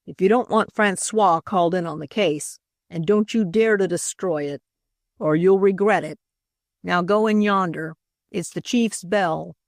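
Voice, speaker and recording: A woman doing a gruff, bullying male reporter. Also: lowish voice, unhurried, dry recording, studio quality. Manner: blunt, growling, demanding. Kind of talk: audiobook character voice.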